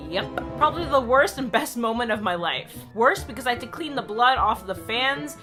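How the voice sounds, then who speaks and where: A young woman telling a story in a casual vlog, quick and joking with crude humor. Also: fairly high pitch, expressive, music in the background. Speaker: vlogger.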